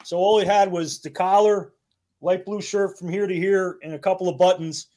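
At normal speed, a man in his fifties with a high, steady, warm voice tells loose, laughter-filled tales from his career as a battalion chief. He's a guest on a podcast and swears casually as he talks.

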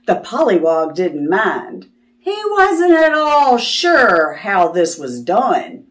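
A woman reading a picture book aloud to children, animated and delighted, stopping to ask them questions. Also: mid-range voice, slow. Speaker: children's storyteller.

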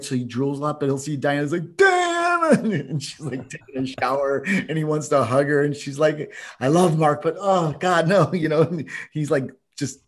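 A middle-aged man chatting casually as a martial arts instructor, telling rambling, animated stories and laughing often. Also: mid-range voice, husky. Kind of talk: casual chat.

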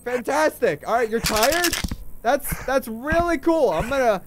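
A man's voice: extremely high pitch, animated, a little slow, noisy background. A young man hosting a let's play, giving sarcastic, jittery play-by-play of a horror game. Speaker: gaming channel host.

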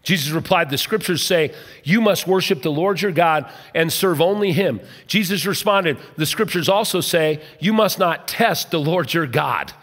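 A man's voice: fairly high pitch, animated, moderate pace, fairly bright tone. A man preaching a conversational, emphatic sermon as a pastor, acting out quoted voices. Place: large church hall. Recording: long hall reverb.

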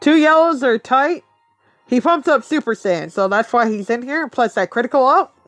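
A woman's voice: sits high, expressive, moderate pace, no echo, soft background music. A woman thinking aloud as she plays a mobile game, muttering to herself and laughing often in casual commentary.

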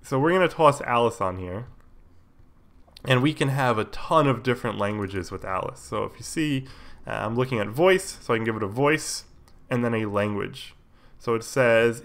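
Man with a cold explaining code. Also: mid-range voice. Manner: relaxed, explains while typing, many fillers. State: has a cold, coughing. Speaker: live coding streamer. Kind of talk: casual live coding tutorial.

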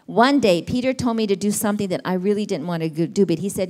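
A woman's voice: medium pitch, quick pace. A middle-aged woman, teaching a church women's session in a conversational way and asking her listeners questions. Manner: warm, conversational, asks the audience questions.

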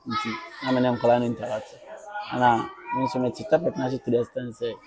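A man in his thirties from Ghana, a teacher answering interview questions in a calm, reflective way, mixing local language with English. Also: medium pitch, a little fast, low-quality recording. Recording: crowd noise behind.

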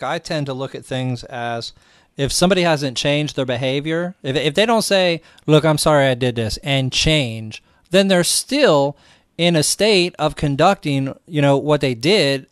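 A man's voice: fairly high pitch, animated, normal speed, dry recording, studio quality. A man hosting a radio interview, asking his guest questions in a conversational way. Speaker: host.

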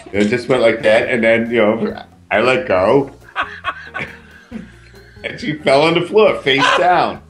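A man co-hosting a casual podcast, telling a story in a relaxed, halting way with dry humor. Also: medium pitch, over loud music. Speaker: podcast co-host.

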